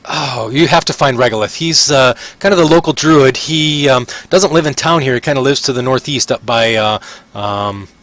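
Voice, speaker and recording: A man's voice: mid-range voice, moderate pace, fairly bright tone, no room sound, lightly acted. A man voicing a friendly, balding male shopkeeper of about fifty, eager and chatty, who stammers and repeats words.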